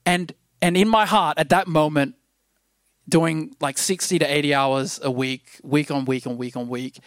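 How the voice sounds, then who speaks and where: A man's voice: on the high side, fairly even intonation, moderate pace, smooth, no room sound, studio quality. A man in his thirties preaching a sermon, rambling and self-deprecating with many restarts, growing emphatic toward the end.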